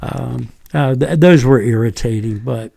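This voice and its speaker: Gravelly older man telling school stories. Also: mid-range voice, measured pace, no room sound. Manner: animated anecdotes, acts out quoted voices. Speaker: retired teacher, podcast guest. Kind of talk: casual storytelling chat.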